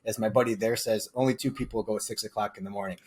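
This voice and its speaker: A man's voice: fairly low pitch, fairly even intonation, quick pace, a little mellow. Laughing middle-aged man telling stories. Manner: laughing storyteller. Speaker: podcast co-host. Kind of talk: casual chat. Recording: faint background noise.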